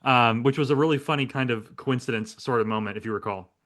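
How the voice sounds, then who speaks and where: A man's voice: mid-range voice, quick pace, a bit bright. A man hosting a casual podcast chat, rambling and restarting his phrases as he talks. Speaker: series co-creator and podcast host.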